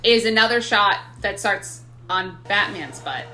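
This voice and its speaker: A woman's voice: medium pitch, animated, measured pace, sharp tone. A young woman co-hosting a casual movie review chat, chatty and enthusiastic in her reactions and asides. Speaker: podcast co-host.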